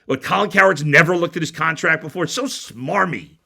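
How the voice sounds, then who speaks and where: A man with a slightly high, creaky voice and a sharp tone speaks briskly as he hosts a sports talk show. His opinionated radio rant is blunt and heated, full of stumbling restarts.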